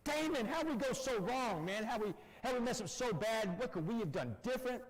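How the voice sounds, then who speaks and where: A man's voice: extremely high pitch, expressive, fairly quick, pitched above the performer's own voice. A man acting out his older father pleading and sobbing on the phone, in a church hall with long reverb. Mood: anguished. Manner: pleading, broken.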